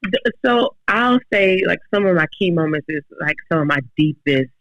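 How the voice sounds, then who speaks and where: A woman's voice: lowish voice, animated, normal speed, no room sound, highs cut off. A woman in her forties, a podcast guest, telling her faith story earnestly with many restarts. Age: 40s. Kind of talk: casual faith talk.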